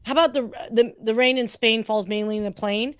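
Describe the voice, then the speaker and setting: A woman's voice: fairly high pitch, fairly even intonation, a little fast, fairly bright tone, smooth, no echo. Chatty upbeat woman host. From United States. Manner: chatty, upbeat, lots of fillers. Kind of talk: casual chat.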